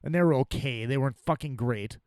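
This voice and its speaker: A podcast host ranting angrily and profanely about a restaurant, full of exasperation. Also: male voice, mid-range voice, brisk, a little mellow, smooth, dry recording, studio quality.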